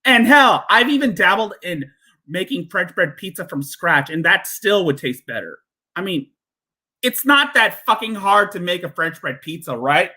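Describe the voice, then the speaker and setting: Animated, bright-voiced ranting male host. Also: sits high, normal speed. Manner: mocking, ranting. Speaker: livestream host. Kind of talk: casual commentary on a clip.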